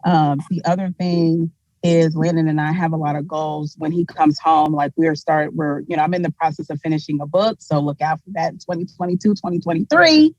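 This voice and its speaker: A woman's voice: deep voice, brisk, darkish tone, no echo. Woman in her thirties on a dull, dry call. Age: 30s. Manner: chatty, upbeat, faith-minded. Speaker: family member on a video call. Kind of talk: casual family video call. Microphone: video call. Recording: dull lo-fi video call audio.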